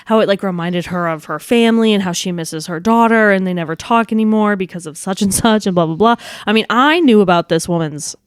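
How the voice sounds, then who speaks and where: A woman's voice: medium pitch, a little fast, few pauses, clear, resonant tone, no echo, clean studio sound. A woman co-hosting a podcast in casual chat, candid and profane, laughing often as she tells stories. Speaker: podcast co-host.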